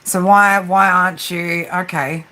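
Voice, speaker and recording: A woman's voice: lowish voice, measured pace, slight background noise, rough recording. Chatty Australian woman in her forties. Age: 40s. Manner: chatty, joking, tags sentences with "right?". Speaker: livestream tarot reader. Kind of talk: casual live-stream chat. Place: room with a flat roof. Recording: steady rain drumming behind her. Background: rain on the roof.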